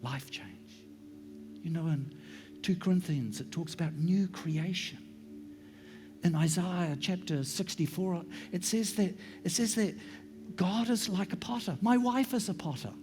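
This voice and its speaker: A middle-aged male pastor preaching a sermon in a church, sometimes dropping into hushed whispers for emphasis. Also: high voice, a little slow, music in the background.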